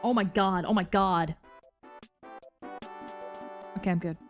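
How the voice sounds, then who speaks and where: A young woman from New Jersey, with the accent to match, chats casually on a live stream in a mid-range voice with fairly even intonation, taking her time. She reads the chat aloud, giggles playfully and swears freely, with faint music in the background.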